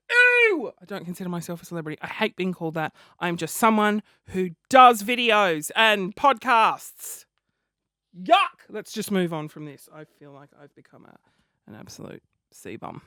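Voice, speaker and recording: A man's voice: high-pitched, lively intonation, normal speed, bright, forceful tone, clean tone, no room sound, clean studio sound. A young man hosting a comedy podcast, chatty, camp and self-deprecating. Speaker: podcast host.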